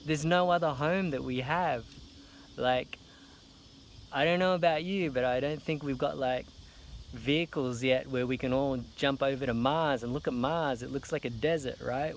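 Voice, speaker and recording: A man's voice: mid-range voice, steady tone, normal speed, slight background noise. A man, an artist, making an earnest, emotional appeal to camera, near tears and repeating phrases for emphasis. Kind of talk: heartfelt personal appeal to camera.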